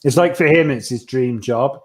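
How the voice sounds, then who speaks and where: A man's voice: medium pitch, moderate pace, darkish tone. A man co-hosting a podcast, chatting cheekily and swearing often in casual banter. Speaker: podcast co-host.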